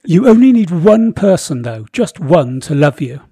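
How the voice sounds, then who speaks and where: A man voicing a jolly, careless king with a loud, theatrical delivery. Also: on the high side, sing-song, normal speed, breathy edge, dry recording, studio quality, pitched above the performer's own voice, exaggerated voice. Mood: boisterous. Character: jolly blustering male king, careless and guffawing.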